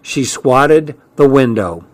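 A man's voice: medium pitch, expressive, slow pace, no room sound. Man narrating a story, dry close sound. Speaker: audiobook narrator. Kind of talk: scripted narration.

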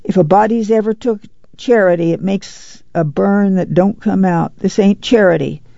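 A proud, poor woman speaks in a fierce, bitter and hoarse voice, as an audiobook reader puts her on. It comes through gravelly and dark in a dry, dull lo-fi recording. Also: medium pitch, normal speed, dry recording, voice pushed up, close to an everyday voice.

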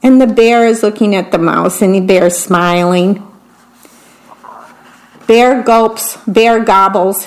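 A woman reads children's picture books aloud at an unhurried pace. Her voice sits a little high, and she pauses to talk about what is on each page. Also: low-quality recording. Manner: slow, expressive read-aloud with descriptions of the pictures. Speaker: storybook reader.

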